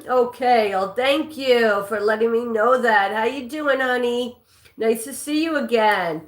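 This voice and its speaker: A woman's voice: on the high side, measured pace. A woman hosting a live trivia stream, chatting casually and reading out viewer names and answers, with a non-native English accent. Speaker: livestream trivia host. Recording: echoey room.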